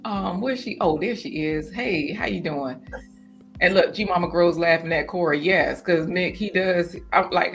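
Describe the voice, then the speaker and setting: A woman hosting a garden livestream in casual chat, animated and chatty, breaking into laughter often. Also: on the low side, moderate pace, faint music behind.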